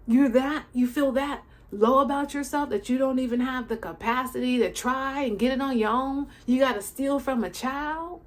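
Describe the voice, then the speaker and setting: A woman's voice: sits high, normal speed, hardly any pauses. A woman hosting a commentary channel, ranting in an outraged, casual monologue full of exclaimed rhetorical questions and slang.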